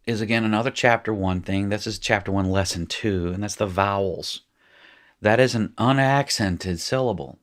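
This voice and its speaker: A man with a fairly low voice talks through a recorded lesson. He explains casually and fills gaps with "um". He often stops to correct or rephrase himself. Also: a little slow, fairly bright tone. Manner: chatty, self-correcting explanations with frequent fillers. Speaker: Hebrew teacher. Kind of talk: recorded screen-share lesson.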